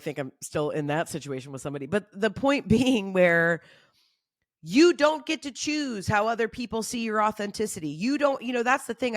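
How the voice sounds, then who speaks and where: A woman's voice: mid-range voice, no room sound, clean studio sound. A woman hosting her own podcast, giving off-the-cuff motivational talk in an emphatic, fired-up way, swearing freely and repeating phrases for emphasis. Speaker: podcast host.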